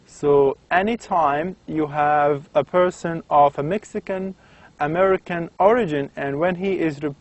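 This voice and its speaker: A man's voice: fairly high pitch, measured pace, dry recording. A man whose first language is Arabic, giving a university lecture in a hesitant way with many fillers and restarts.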